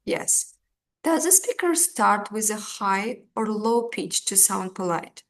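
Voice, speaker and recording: Woman teacher, unhurried, patient, filler words. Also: medium pitch, animated. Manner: slow, patient, with fillers and restarts. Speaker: English teacher. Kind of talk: online language lesson.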